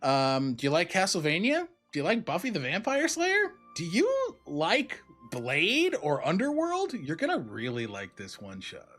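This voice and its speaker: A man's voice: on the high side, normal speed, few pauses, faint music behind. A man hosting a tabletop role-playing game and narrating scenes as game master, upbeat and joking. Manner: upbeat, joking, animated delivery.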